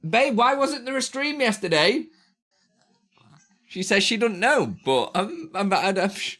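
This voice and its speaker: A British man chats casually on a live stream from a small room at home, close to his desk microphone. His medium-pitched voice has a sharp tone, and he's playful, laughs often, and slips into sing-song baby talk.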